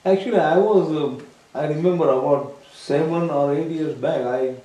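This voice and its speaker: A man tells a short story casually and hesitantly, pausing with "uh". His voice is mellow and a little high. He is off-mic in a roomy, echoing space. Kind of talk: casual conversation. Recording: distant, roomy.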